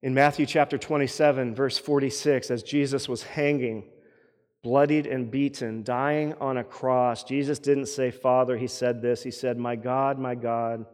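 A man's voice: medium pitch, steady tone, moderate pace, darkish tone. Earnest male pastor in a reverberant hall. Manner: earnest, repeats words as he builds points. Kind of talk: sermon.

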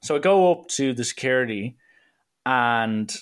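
A young man telling a funny anecdote in a casual, animated way, slipping into voices now and then. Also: medium pitch, measured pace, clean tone. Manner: lively, animated, breaks into voices. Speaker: storyteller.

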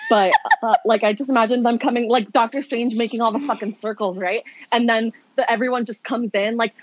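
A young woman co-hosting a podcast in casual chat, excitable and quick to laugh, swearing freely. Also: a little high, slight background noise, rough recording. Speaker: podcast co-host.

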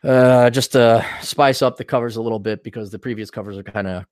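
A man's voice: mid-range voice, steady tone, a little fast, darkish tone, no echo, studio quality. A man hosting a podcast in a casual, rambling monologue, irreverent and profane. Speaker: podcast host.

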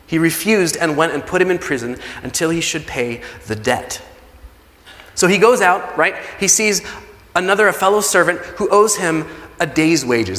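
A pastor with a fairly bright, higher-pitched voice preaches a sermon in a large hall with long reverb. He preaches conversationally and acts out pleas as quotes.

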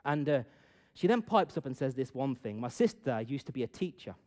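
A middle-aged man telling a personal story to an audience and drawing a lesson from it, swinging from loud bursts to hushed asides. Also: medium pitch, big pitch swings, fairly quick. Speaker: speaker addressing an audience. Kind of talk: storytelling talk with a moral.

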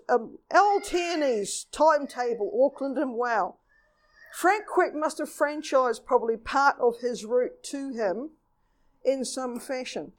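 Lively New woman telling local history. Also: high-pitched. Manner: lively, reads old newspaper reports and acts out quotes. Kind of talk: storytelling history talk.

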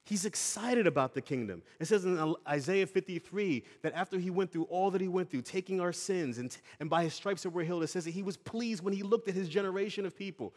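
A man preaching a sermon earnestly, asking his listeners questions and moving between quiet and raised passages. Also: high voice, fairly quick, hardly any pauses. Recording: long hall reverb.

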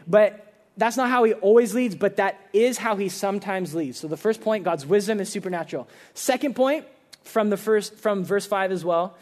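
A young man in his twenties preaching a casual sermon, telling stories with lots of "like" and acting out quick voices. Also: sits high. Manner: animated storytelling, acts out voices, filler "like". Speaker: pastor.

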